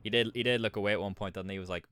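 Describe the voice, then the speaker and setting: A man's voice: lowish voice, fairly even intonation, very fast, pushed and bright, slight background noise. A man streaming a game, reading dialogue aloud with casual, wry, swearing asides. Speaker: streamer reading a visual novel.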